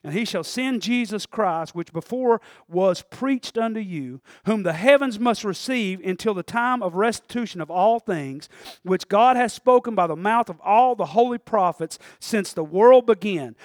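Male preacher, very high pitch, folksy, hushed asides to shouting, dry close sound. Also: dry recording. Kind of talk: sermon.

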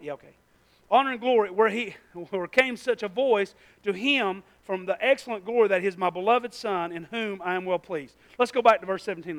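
This high-voiced man is preaching a sermon, telling stories with animation. He swings from shouts to hushed tones and talks to the congregation in a folksy, direct way.

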